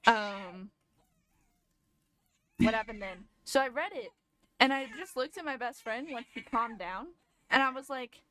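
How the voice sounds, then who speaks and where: Young woman, casual live-stream storyteller, slightly higher pitch, loose and meandering with frequent restarts. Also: animated, measured pace, pauses often, a bit bright. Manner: rambling, lots of fillers and restarts.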